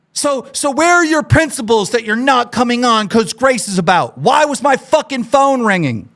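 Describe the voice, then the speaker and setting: A man hosting a live stream, ranting furiously with constant swearing and shouting. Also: extremely high pitch, animated, normal speed, hardly any pauses. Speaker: show host. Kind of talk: angry live-stream rant.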